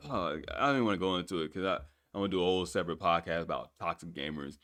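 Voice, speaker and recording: In this casual solo podcast monologue, a deep-voiced man races along, sounding a bit bright. He's the host, rambling loosely and cursing freely as he promotes his channels.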